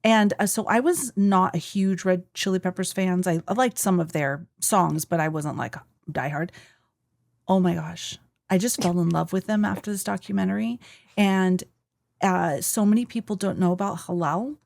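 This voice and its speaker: Woman podcast cohost, kinda low voice, chatty and excited, dry close mic. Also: moderate pace, gravelly, no room sound. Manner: chatty, enthusiastic, mimics others with silly voices. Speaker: podcast co-host. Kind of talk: casual chat.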